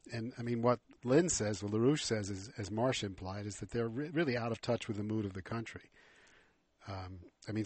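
A man giving political commentary as a radio guest, speaking in a measured way that trails off quietly. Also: fairly low pitch, slightly rough, dry recording.

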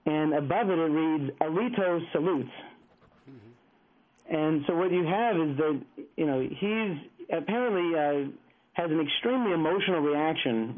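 Male field organizer on a phone line to a radio show, slightly higher voice, rambling storyteller full of "uh" and "you know". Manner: rambling anecdote with many fillers. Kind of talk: casual radio report. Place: Los Angeles, over a phone line.

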